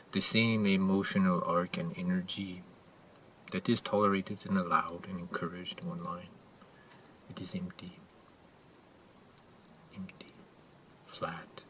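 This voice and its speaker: A man playing an intense, earnest male motivational guru who speaks broken English and swings between whispers and loud outbursts, in a character monologue to camera. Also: deep voice, little pitch movement, slow pace, long pauses. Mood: hushed earnest. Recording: distant mic with faint ambient noise.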